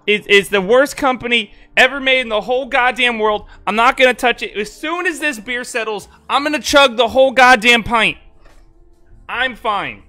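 A man's voice: very high-pitched, pushed and bright. A young man live-streaming in a casual, rambling way, exasperated and stammering through restarts as he talks to his chat.

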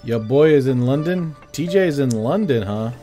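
A man streaming a game live, chatting and joking with viewers in a casual, animated way while sounding tired. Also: medium pitch, moderate pace. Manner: animated, jokey, chats with viewers. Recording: game soundtrack music playing behind. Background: game soundtrack music.

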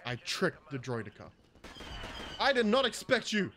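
A man giving excitable, panicky running commentary while he plays a shooter game. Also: high voice, normal speed, noisy background. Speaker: gaming channel host. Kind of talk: gameplay commentary.

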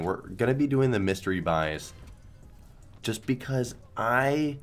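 A man's voice: mid-range voice, expressive, unhurried, faint music behind. A young man who is sick and coughing, chatting casually and rambling as he streams a slot game. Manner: rambling, self-deprecating, lots of restarts. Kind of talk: casual gambling stream commentary.

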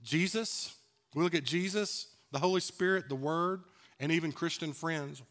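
A man with a fairly high, bright voice preaches as pastor in a church sanctuary at a moderate pace. His delivery is candid and conversational, and he often laughs at himself.

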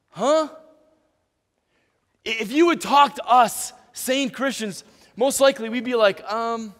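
High-voiced animated pastor in a hall. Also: male voice. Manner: animated, repeats words and restarts often, acts out little dialogues. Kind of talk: sermon. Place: church sanctuary. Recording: reverberant church hall.

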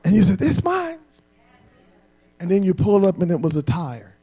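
A man preaching a sermon live in church, getting the congregation to repeat after him and swinging from quiet talk up to shouting. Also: fast talker, breathy edge, low-quality recording. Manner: builds to shouting peaks, then drops low. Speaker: pastor. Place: church sanctuary, recorded live.

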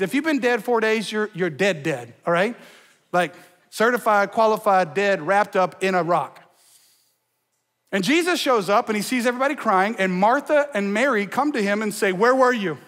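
High-voiced energetic pastor, jokey preaching in a church, with a long hall echo. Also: male voice, normal speed. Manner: energetic and joking, talks to the crowd in slang. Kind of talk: sermon. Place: church sanctuary.

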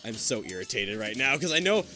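A man playing a co-op game with a friend, excitable and swearing, swinging between yelling and muttering. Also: medium pitch, fairly quick, slight background noise. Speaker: gamer. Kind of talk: casual co-op game commentary.

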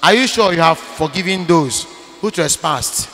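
Male priest, sermon; forceful, bright tone, insistent repetition, reverberant hall sound. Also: a little high, expressive, normal speed. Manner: emphatic preaching with sudden loud bursts; repeats phrases for emphasis. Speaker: Catholic priest.

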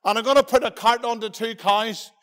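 A man's voice: very high-pitched, steady tone, a little fast, fairly bright tone, in a large hall. A man with a Northern Irish accent, a preacher giving a playful children's talk in a church service, telling stories and asking the children questions. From Northern Ireland. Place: church hall.

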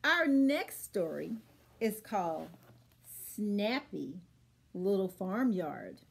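Animated woman reading aloud to kids. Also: medium pitch, slow pace, vocal fry, breathy edge. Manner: animated storytelling with sound effects. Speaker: children's librarian. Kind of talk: reading a picture book aloud to children.

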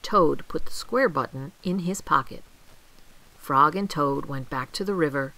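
Slow, expressive grandmother reading aloud. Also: low voice, low-quality recording. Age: older. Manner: gentle, expressive, clearly paced. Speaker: storyteller reading a children's book. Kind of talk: read-aloud storytelling.

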